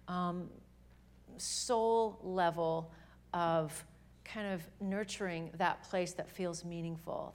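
Speaking to a live audience at a women's gathering, a young adult woman gives an earnest, animated talk about faith. Her voice sits fairly low, and she often restarts her sentences.

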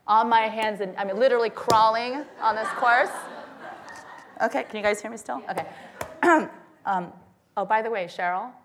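A woman telling a funny personal story to a live audience, lively and self-mocking, checking in with "okay?" and "right?". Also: a little high, moderate pace, pauses often, a little hiss or hum.

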